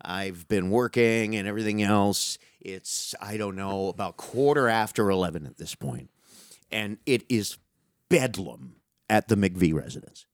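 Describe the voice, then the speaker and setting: A middle-aged man telling a long, animated, profane story in casual chat with a friend. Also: lowish voice, unhurried, dry recording, studio quality. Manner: animated, profane, calls listener dude.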